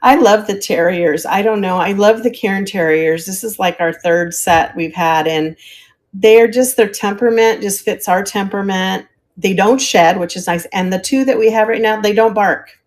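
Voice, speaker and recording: A woman's voice: medium pitch, normal speed. An older woman, a retired teacher, chatting casually as she sells vintage items on a live stream and stops now and then to hunt for words. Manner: chatty, friendly, describes items while hunting for words. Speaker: live-stream auction seller. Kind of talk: casual live selling chat.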